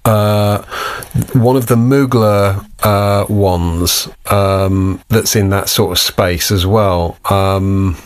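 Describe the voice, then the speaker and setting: A man's voice: lowish voice, fairly even intonation, drawn-out words, smooth. A man hosting a casual podcast chat, wry and swearing freely, with lots of fillers. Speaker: podcast host.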